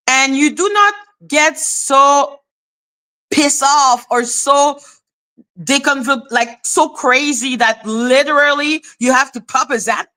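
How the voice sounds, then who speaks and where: A woman hosting a casual live stream, telling a gossip story in an animated, exasperated way and swearing freely. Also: high-pitched.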